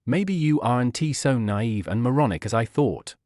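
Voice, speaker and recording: A man's voice: medium pitch, animated, normal speed, a little mellow, no room sound, clean studio sound, lightly acted. A man doing a smug, arrogant warrior prince. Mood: mocking. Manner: mocking, smug.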